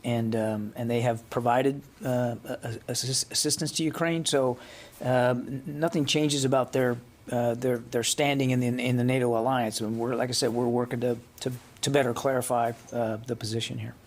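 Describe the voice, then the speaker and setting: A middle-aged man fielding questions at a press briefing in a briefing room. His voice sits at an ordinary pitch, and he speaks haltingly, repeating words as he gathers his answers. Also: steady tone, a little hiss or hum. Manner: halting, many restarts and fillers. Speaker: press secretary.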